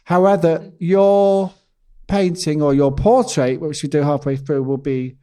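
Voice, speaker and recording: A man's voice: on the high side, measured pace, dark tone, smooth. Jokey teasing man hosting a chat. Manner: jokey, teasing, dry humour. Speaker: podcast host and portrait painter. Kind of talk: casual chat while painting. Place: venue in a bar.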